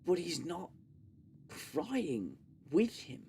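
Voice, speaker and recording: A man hosting a casual live discussion stream, talking in long animated runs and sometimes mimicking gushing voices. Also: fairly high pitch, very slow, a little hiss or hum. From United Kingdom. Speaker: podcast host.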